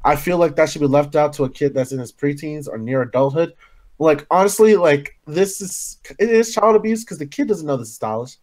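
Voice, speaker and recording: A man's voice: a little high, animated, a little fast, darkish tone. A man co-hosting a casual podcast chat, joking around and giving blunt opinions. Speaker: co-host.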